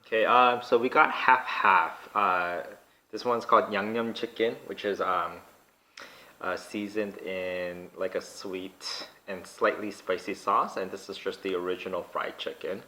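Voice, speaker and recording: A man who is a guest on a food vlog, with a low yet bright and forceful voice. He talks in a relaxed, unhurried way, with many pauses as he searches for words. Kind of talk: casual chat.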